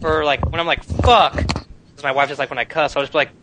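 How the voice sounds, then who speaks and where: A man co-hosting a casual gaming podcast, telling animated, profane stories. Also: a little high, quick pace, poor audio. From Phoenix, USA. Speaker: podcast co-host.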